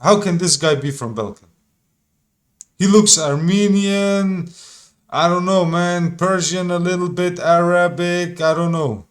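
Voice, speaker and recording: A man's voice: high voice, unhurried. A man giving casual reaction commentary in an insistent, repetitive way, sometimes swearing. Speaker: reaction streamer.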